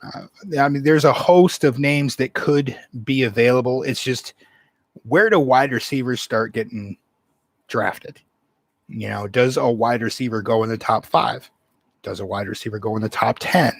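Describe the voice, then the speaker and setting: A man hosts his own sports channel with casual solo commentary that rambles, full of fillers and restarts. His mid-range voice has fairly even intonation, vocal fry, and a moderate pace, with no room sound.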